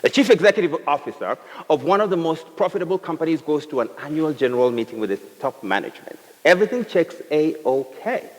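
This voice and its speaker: A man's voice: on the high side, expressive, fast talker, hardly any pauses. A man with a Kenyan accent giving a humorous talk to a live audience, telling comic stories and teasing the crowd. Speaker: speaker. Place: event hall with a live audience. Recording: reverberant hall, faint noise.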